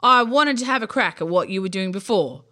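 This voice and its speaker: A woman voicing a shaggy, gentle, clumsy bunyip swamp creature in a bedtime story. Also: expressive, a little fast. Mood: sheepish. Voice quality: deep voice.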